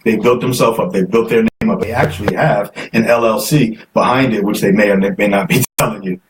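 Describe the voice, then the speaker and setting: A man's voice: fairly low pitch, fairly even intonation, fairly quick. A man hosting a live call-in stream, chatty and coaxing viewers to phone in while reading comments aloud. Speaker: host. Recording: distant mic, faint noise.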